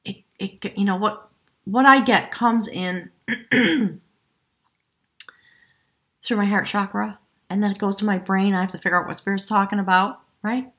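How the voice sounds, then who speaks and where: A woman giving a spiritual tarot reading to camera, effusive and emotional, often dropping her voice to a hushed whisper. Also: mid-range voice, fairly even intonation, measured pace, long pauses. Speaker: tarot reader.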